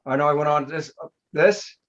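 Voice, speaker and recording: An older man speaking casually on a live webinar, halting and restarting as he talks. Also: a little high. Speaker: webinar participant. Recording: dull lo-fi audio.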